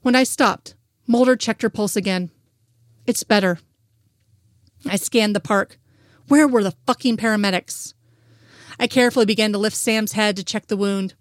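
A woman's voice: medium pitch, moderate pace, no room sound, studio quality. A woman reading a fanfic aloud in first-person narration, with an earnest, emotional delivery.

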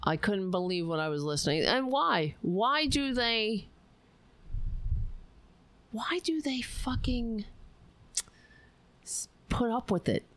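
Slow, profane woman ranting. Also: on the high side, lively intonation, a bit bright, a little hiss or hum. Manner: profane, exasperated, sarcastic. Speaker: livestream host. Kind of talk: casual political rant.

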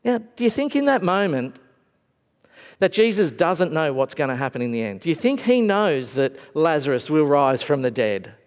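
A man preaching a sermon to a congregation, reflective and conversational, his voice dropping to a hush and then lifting again. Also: fairly high pitch, big pitch swings, moderate pace. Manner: reflective, swings between raised and hushed voice. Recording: long hall reverb.

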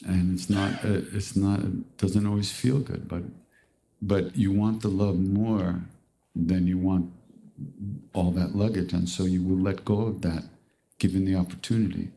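Low-voiced man telling a spiritual story. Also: fairly even intonation, measured pace, gravelly, mellow. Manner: conversational, earnest, restarts often. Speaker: spiritual teacher.

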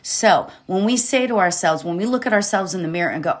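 A woman's voice: medium pitch, fairly quick, hardly any pauses. A woman hosting a positivity podcast, talking casually and rambling a bit, often checking in with "right?" and laughing. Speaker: podcast host. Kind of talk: casual motivational podcast talk.

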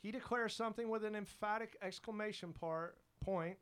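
A man's voice: high-pitched, normal speed, fairly bright tone, clear, resonant tone. A man preaching a sermon as pastor, fervent and emphatic, repeating his exhortations.

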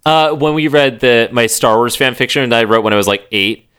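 A man's voice: medium pitch, clear, resonant tone. A man co-hosting a podcast, recapping an episode in casual chat, joking and swearing. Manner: animated, joking, quick to swear. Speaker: podcast co-host.

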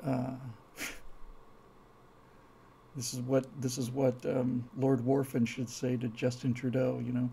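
A man's voice: medium pitch, monotone, takes it slowly, creaky, pauses often, warm tone, husky. A man hosting a live stream, rambling through opinionated commentary and reading out viewer comments, heated and emphatic, repeating words as he gets worked up.

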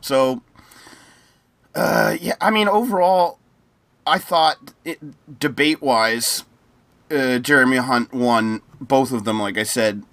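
A man's voice: mid-range voice, takes it slowly, long pauses, a bit bright, no echo. A man co-hosting a podcast, chatting casually, often laughing and giving his opinions. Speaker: podcast co-host. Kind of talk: casual chat.

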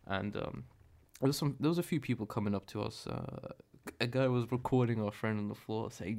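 Medium-pitched and a little mellow, this young podcast host speaks fairly quickly and barely pauses. He's doing solo storytelling, wandering through a profane tale and correcting himself along the way.

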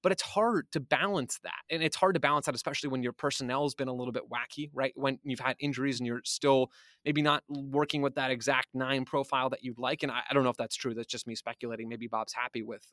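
A man's voice: medium pitch, fairly even intonation, quick pace, fairly bright tone, no room sound. Dry-voiced man analysing soccer tactics. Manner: thoughtful, speculative, restarts often. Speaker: guest analyst. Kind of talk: casual podcast analysis.

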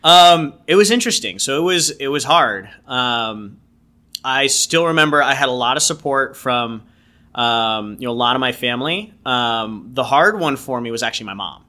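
A man's voice: medium pitch, animated, normal speed, pushed and bright. A man guest casually telling a personal story, rambling with lots of "like" and "you know". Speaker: podcast guest.

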